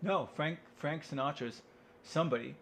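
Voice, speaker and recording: A man's voice: fairly high pitch, moderate pace, creaky, a bit bright, a little hiss or hum. A man in a casual, rambling monologue, wry and self-interrupting, who swears freely. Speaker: vlogger.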